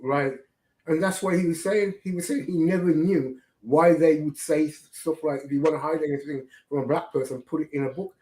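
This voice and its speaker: A man's voice: a little high, fairly even intonation, moderate pace, mellow. A man hosting religious commentary, preaching and often asking "right?". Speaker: host. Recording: echoey room.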